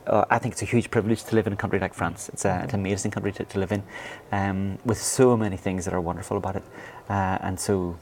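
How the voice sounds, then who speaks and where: A Northern Irish man in his forties, speaking as a pastor in an interview. He talks fast and earnestly, often restarting with fillers. A faint ambient hum sits behind his voice. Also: deep voice, fairly even intonation, darkish tone. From Northern Ireland. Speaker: pastor and church planting leader. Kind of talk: interview answers.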